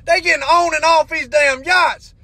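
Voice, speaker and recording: A middle-aged man rants a crude comic story, loud and drawling. His voice sits very high with a piercing, bright edge. The sound is close and dry, as if recorded in a car. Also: fairly even intonation, moderate pace, dry recording. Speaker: comedian. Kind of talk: comedic rant to camera.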